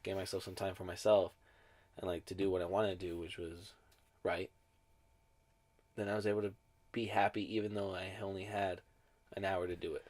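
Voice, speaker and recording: A young man co-hosting a casual podcast, talking in a relaxed, reflective way and swearing now and then. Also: deep voice, normal speed, long pauses. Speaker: podcast co-host. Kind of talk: casual chat.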